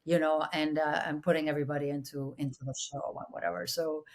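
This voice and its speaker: A woman from Mexico, a Spanish native speaker, telling stories as an interview guest in a lively, restarting way. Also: low-pitched, fast talker. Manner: animated, full of restarts, playfully mimics voices. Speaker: actress and producer, guest. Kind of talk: conversational interview storytelling.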